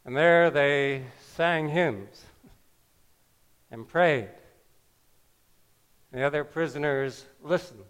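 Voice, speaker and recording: Man, pastor, sermon, unhurried storytelling, wry asides, smooth clear tone. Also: a little high, fairly bright tone.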